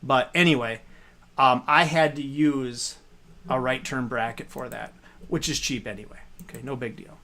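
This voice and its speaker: A man's voice: mid-range voice, fairly even intonation, normal speed, bright, forceful tone, slight background noise. A man casually explaining arcade hardware on a live stream, rambling with fillers as he points things out.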